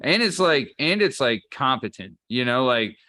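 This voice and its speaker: A man's voice: mid-range voice, sing-song, normal speed, sharp tone, dry recording. A man hosting a podcast in casual chat, joking and rambling. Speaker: podcast host.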